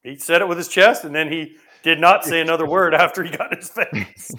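Animated man telling a baseball story. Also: fairly high pitch, fairly quick. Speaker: former pro baseball player, co-host. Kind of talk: casual podcast storytelling.

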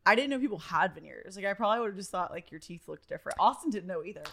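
A woman's voice: medium pitch, expressive, rapid-fire, vocal fry, a bit bright, husky. A young woman co-hosting a podcast in casual chat, reacting with squeals and laughter. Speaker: podcast co-host.

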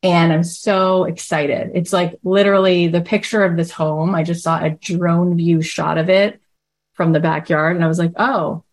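A woman hosting a podcast, telling a casual story in a chatty, animated way and acting out the other people in it. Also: fairly low pitch, normal speed. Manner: chatty, animated, acts out quoted voices. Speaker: podcast host.

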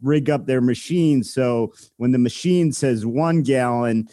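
A man's voice: medium pitch, a little slow, warm tone, no room sound, studio quality. Rambling man explaining in casual chat.

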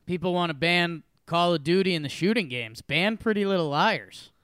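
A man's voice: high voice, normal speed, a bit bright, smooth, no echo, clean studio sound. A man co-hosting a podcast, chatting casually with wry, short replies. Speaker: podcast co-host. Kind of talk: casual comedic chat.

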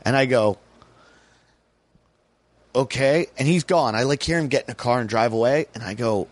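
Man from the US, comedian guest, casual podcast storytelling, animated, mid-pitched voice. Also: moderate pace. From United States.

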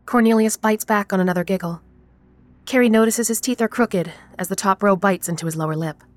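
A woman narrating a horror story in a measured, even storytelling manner. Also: mid-range voice.

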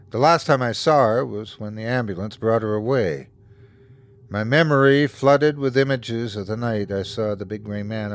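A man hosting and narrating a first-person horror story in a steady, scripted storytelling manner. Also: lowish voice. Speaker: host and narrator.

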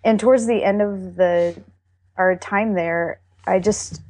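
A woman's voice: mid-range voice, fairly even intonation, slow pace, a little mellow, no echo. A middle-aged woman from Texas tells her faith testimony in an earnest, emotional way. She halts and restarts as she talks. Her voice sounds close and dry. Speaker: interview guest.

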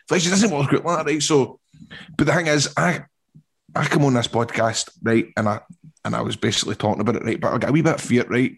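Scottish man, husky, casual podcast chat, animated storyteller. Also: medium pitch. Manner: animated storytelling, mimics others' voices. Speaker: podcast co-host.

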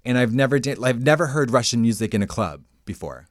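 A man's voice: mid-range voice, lively intonation, fairly quick. A man co-hosting a podcast in casual chat, talking in a rambling, jokey way. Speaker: podcast co-host. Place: podcast studio.

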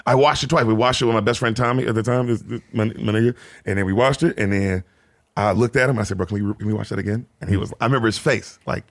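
A man in his thirties from Memphis, a comedian guest rambling through animated stories in casual podcast chat, full of restarts. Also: on the low side, quick pace. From Memphis, Tennessee. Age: 30s.

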